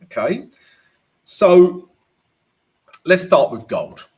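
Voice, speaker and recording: A forex trading analyst hosts a live chart-analysis stream, easygoing and chatty, greeting viewers by name. His high, darkish voice is very animated, rising and falling a lot, and he drags out words as he takes his time. He keeps dropping in "right?" and "you know."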